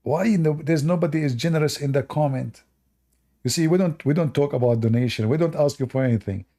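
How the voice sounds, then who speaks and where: Sarcastic gravelly-voiced man. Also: fairly high pitch, a little fast, warm tone. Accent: non-native English accent. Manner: sarcastic and mocking. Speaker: livestream debate host. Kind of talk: casual livestream commentary.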